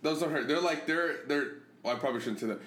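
A man's voice: fairly high pitch, quick pace, a bit bright. Rambling laughing male podcast host. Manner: rambling, full of "like", laughs through stories. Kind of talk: casual storytelling chat. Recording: echoey room with faint noise.

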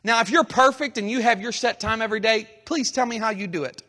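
A man pastor preaching a sermon, rising into emphatic, dramatic lines and pausing between phrases. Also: sits high, sharp tone. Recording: long hall reverb.

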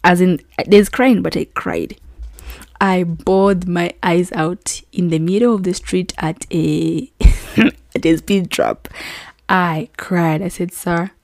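A woman in her twenties hosting her own podcast, telling a personal story in a casual, animated way and acting out the voices of people she quotes. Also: fairly low pitch, takes it slowly, creaky, dry recording, studio quality. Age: 20s. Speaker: podcast host.

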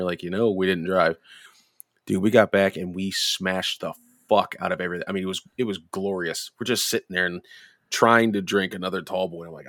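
Casual co-host, low male voice, crude and chatty, acts out quotes; dry booth sound. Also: no room sound. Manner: profane storytelling, lively quoted voices. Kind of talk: casual chat.

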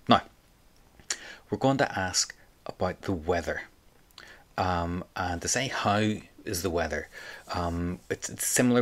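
A man leads a spoken lesson, his voice sitting fairly low. He takes it very slowly, patiently drilling each phrase and leaving gaps for the listener to repeat. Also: fairly bright tone. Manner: patient, slow drilling with pauses for repetition. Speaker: Irish language teacher. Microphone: close mic, home recording.

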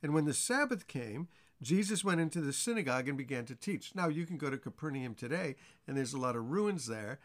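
A man's voice: medium pitch, lively intonation, a little fast. A man teaching a Bible chapter as pastor, with earnest, repetitive emphasis.

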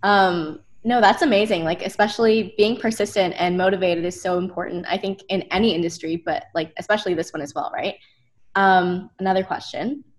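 A woman's voice: on the low side, steady tone, a little fast. A woman hosting a casual interview, encouraging her guest and asking questions loosely with fillers.

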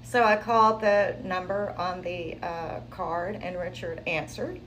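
A woman sharing her personal testimony in an interview, telling it in a lively, conversational way. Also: lowish voice, unhurried, a little hiss or hum, rough recording. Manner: animated, conversational storytelling.

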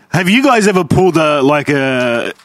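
A man's voice: on the high side, sing-song, a little slow, dry recording. A man, co-hosting a casual, joking chat. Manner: laughing, joking banter.

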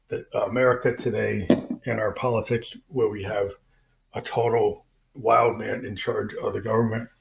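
A man who is a musician, talking casually and rambling about his music with many fillers and restarts. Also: mid-range voice. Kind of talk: casual spoken explanation.

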